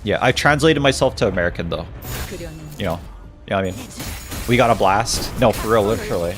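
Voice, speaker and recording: A man's voice: on the low side, animated, fast, music in the background. Playful male streamer reading game lines. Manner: playful, laughs often, reads characters' lines in shifting voices. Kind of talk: live stream, reading game text and chatting with viewers.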